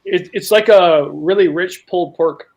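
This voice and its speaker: A man's voice: high-pitched, unhurried, a little mellow, poor audio. Man telling rambling camp stories. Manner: rambling storyteller, many restarts. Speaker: outdoors panelist. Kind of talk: casual panel chat.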